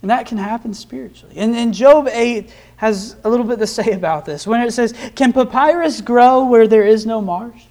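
A man's voice: extremely high pitch, moderate pace, few pauses, darkish tone. A young man from Nebraska preaching a sermon, earnest and lifting his voice when he reads scripture. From Nebraska, USA. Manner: earnest, rises in emphasis when quoting scripture.

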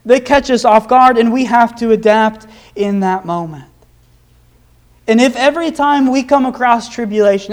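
Young male preacher, very high voice, earnest sermon delivery, pushes harder on scripture readings. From Nebraska, USA. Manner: earnest, rises in emphasis when quoting scripture.

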